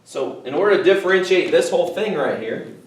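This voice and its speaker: A man teaching a calculus lesson, walking his students through each step and checking in with them often. His voice sits a bit high for a man. It sounds distant from the microphone, in a room with a noticeable echo. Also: animated, a little fast. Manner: explains step by step, often saying "okay" and "guys". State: voice cracking a little. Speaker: math teacher. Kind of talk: classroom math lecture. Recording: echoey room, mic far off.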